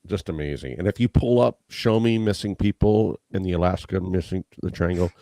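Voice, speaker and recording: A man co-hosting a casual podcast, talking in an animated, enthusiastic way. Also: low-pitched, fairly quick, no room sound, poor audio. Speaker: podcast co-host. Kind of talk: casual chat.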